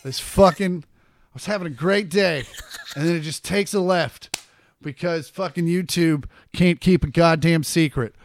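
A man's voice: a little high, a little slow. A man hosting a podcast in casual chat, swearing a lot and ranting in mock anger. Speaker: podcast host and comedian.

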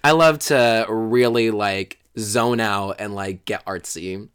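A man's voice: lowish voice, takes it slowly, fairly bright tone, smooth, dry recording. Chatty young man, dry close sound. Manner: chatty storytelling, acts out quotes, many fillers. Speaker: drag performer and guest. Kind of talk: casual interview chat.

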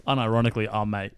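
A young Australian man co-hosting a casual sports podcast, easygoing, swearing casually and rambling. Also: fairly low pitch. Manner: easygoing, relaxed swearing, fillers. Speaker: podcast co-host. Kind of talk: casual chat.

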